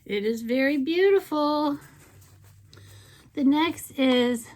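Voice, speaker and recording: A woman's voice: high voice, slow pace. A middle-aged woman chatting casually in a makeup vlog, playful and talkative, now and then slipping into silly sing-song bits. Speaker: beauty vlogger.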